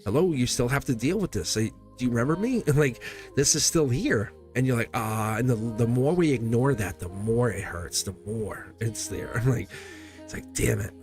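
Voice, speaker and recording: A man's voice: mid-range voice, normal speed, a little mellow, soft background music. A man reading tarot on a livestream, talking to his viewers in a loose, rambling way with frequent chuckles. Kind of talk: casual livestream chat.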